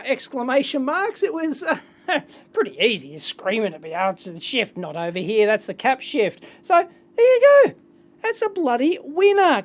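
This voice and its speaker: A man with an Australian accent hosting an electronics video, opening his mail in an excitable, chatty way with quick exclamations. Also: extremely high pitch. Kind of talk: casual hands-on mailbag unboxing.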